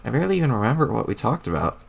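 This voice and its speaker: Wry deadpan teen girl, read by a man, gravelly, lively pitch, rambling. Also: racing, heavily acted. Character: dry, wry teenage girl adventurer. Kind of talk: reading a webcomic aloud.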